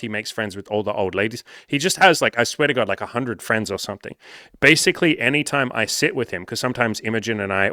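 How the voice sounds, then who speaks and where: A man's voice: medium pitch, sharp tone, dry recording, studio quality. A young man, telling stories casually and animatedly, full of "like" fillers and swearing. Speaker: podcast host reading comments. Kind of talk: casual storytelling.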